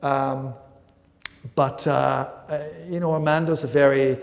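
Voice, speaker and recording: A male actor telling anecdotes as a guest at a live interview, lively and self-deprecating, often mimicking others. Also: medium pitch, a little slow, vocal fry, long reverb tail.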